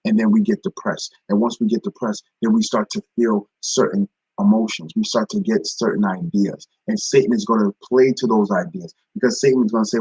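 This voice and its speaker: A man's voice: lowish voice, lively intonation, a little fast, vocal fry, few pauses, a little mellow, husky, no echo, muffled recording. A man giving a casual spoken devotional, repeating phrases and greeting viewers by name. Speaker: ministry speaker. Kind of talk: live-streamed devotional talk.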